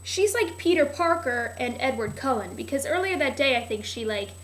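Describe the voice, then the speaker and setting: A woman's voice: sits high, animated, moderate pace, fairly bright tone. A young woman vlogging a casual, rambling recap of a TV show, sarcastic and full of "like", often losing her place.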